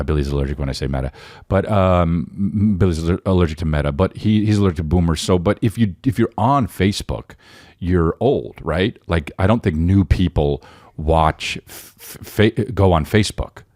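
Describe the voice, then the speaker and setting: A man's voice: low voice, normal speed, a little mellow, dry recording, studio quality. A man in his forties hosting a casual solo podcast, rambling with lots of restarts and tag questions, his voice sore and worn. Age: 40s. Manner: rambling with many restarts and "right?". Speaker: podcast host.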